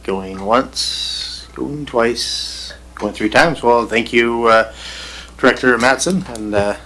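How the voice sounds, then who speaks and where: A man, the mayor, chairing a city council meeting in a brisk, procedural way. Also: mid-range voice, sharp tone, low-quality recording. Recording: government meeting broadcast.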